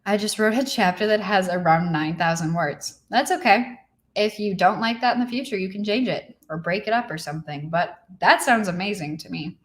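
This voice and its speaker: A woman's voice: medium pitch, normal speed. Tired young woman chatting on a livestream. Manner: chatty, reads viewer comments aloud. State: tired, low energy. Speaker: livestream host. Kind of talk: casual livestream chat. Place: her apartment. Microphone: computer mic.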